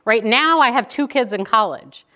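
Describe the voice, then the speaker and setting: A woman's voice: a little high, normal speed. Chatty woman giving a keynote. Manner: chatty, animated, tags lines with "right?". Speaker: keynote speaker. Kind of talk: conversational keynote storytelling.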